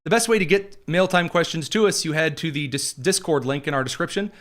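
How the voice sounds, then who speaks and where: Male podcast host, rambling sarcastic commentary, somewhat high pitch. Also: fairly bright tone. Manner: quick, sarcastic, rambling with fillers. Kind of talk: casual political commentary.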